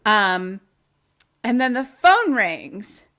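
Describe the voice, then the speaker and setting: A woman's voice: medium pitch, drawn-out words. A woman podcast host casually retelling a horror film for a live audience, swearing freely and acting out scenes. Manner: animated, profane, acts out the scenes.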